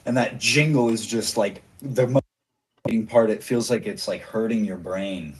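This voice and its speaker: A man's voice: fairly low pitch, a little slow, slightly rough. Casual, chuckling male game master. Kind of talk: narrating a tabletop game.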